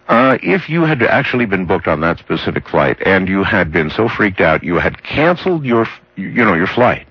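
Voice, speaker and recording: A man's voice: fairly low pitch, husky, no room sound. A man hosting a late-night call-in radio show, musing aloud with stammered restarts and dry jokes. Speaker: radio talk show host. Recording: dull lo-fi broadcast sound.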